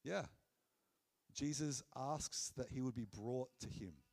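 A man preaching a sermon in an earnest, conversational way, dropping low and soft on key phrases. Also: takes it slowly, creaky.

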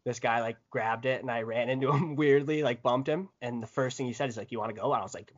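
A young man, a former hockey player, telling profane stories in casual podcast chat, animated and often laughing. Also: mid-range voice, quick pace, hardly any pauses, dull audio.

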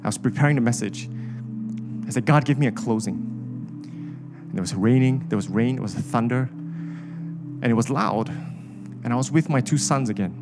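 A man's voice: mid-range voice, normal speed, long pauses, music in the background. A man, preaching a sermon with an impassioned, repetitive cadence. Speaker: pastor.

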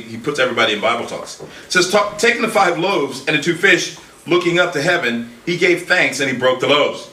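Man preacher, bright lively sermon delivery, recorded far off in an echoey room. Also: on the high side, slight background noise. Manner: animated, quoting scripture in dramatic voices.

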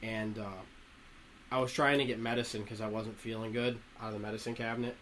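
A young man telling profane stories to friends in casual chat, animated and laughing between lines. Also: on the low side, fast, slight background noise, rough recording. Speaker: storyteller among friends.

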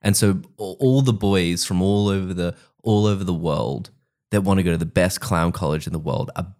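Man, very low voice, casual comedy riffing, jumps into character voices. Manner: animated, acts out characters in quick asides. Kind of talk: casual improvised comedy chat.

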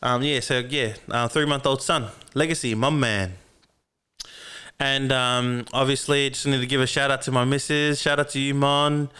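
A man's voice: medium pitch, fairly even intonation, moderate pace, pushed and bright, clear, resonant tone. A man in his twenties with an Australian accent, hosting a casual podcast in a laid-back, joking way, full of ums and the odd swear word. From Melbourne, Australia. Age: 20s. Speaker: podcast host. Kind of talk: casual chat. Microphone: podcast microphone through a mixing console.

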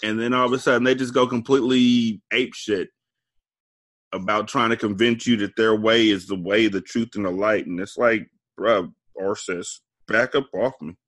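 A man's voice: lowish voice, fairly even intonation, normal speed, a bit bright. A man co-hosting a podcast in casual chat, laid-back and blunt with his opinions. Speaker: podcast co-host.

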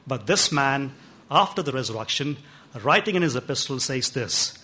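A middle-aged man preaching an Easter sermon in an earnest way, slowing down and dropping his voice low to stress key lines. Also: animated, pushed and bright. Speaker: pastor.

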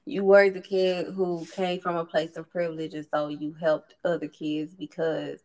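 A woman's voice: sits low, level tone, moderate pace, darkish tone, poor audio. A woman co-hosting a podcast in casual chat, emotional and blunt, using slang freely. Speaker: podcast co-host.

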